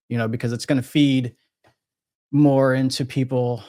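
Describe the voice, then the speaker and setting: A man in a casual podcast chat who drifts through his thoughts, often restarting and correcting himself. His voice sits in an ordinary middle pitch and is recorded dry and close. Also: little pitch movement, normal speed, warm tone, no echo. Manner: rambling, frequent restarts and self-corrections. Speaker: crypto trader guest.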